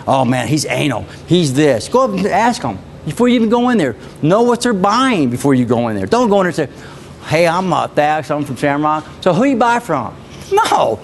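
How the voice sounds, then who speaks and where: Energetic man coaching a sales team. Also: a little high, a little hiss or hum. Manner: energetic, repetitive coaching, asks the audience questions. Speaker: sales trainer. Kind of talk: live sales training talk to a room.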